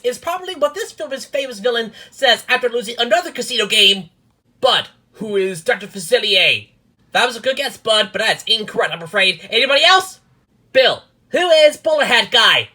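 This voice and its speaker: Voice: high-pitched, bright, forceful tone. A homemade quiz show host reading clues and scores in upbeat patter, stumbling and repeating words now and then. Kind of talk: hosting a homemade quiz show, voicing the contestants too.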